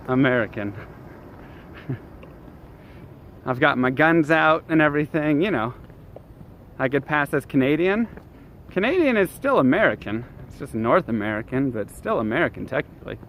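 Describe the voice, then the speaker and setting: A man's voice: a little high, fairly bright tone. A man streaming live while walking outdoors, chatting casually and answering his chat. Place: city street outdoors. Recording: street noise behind.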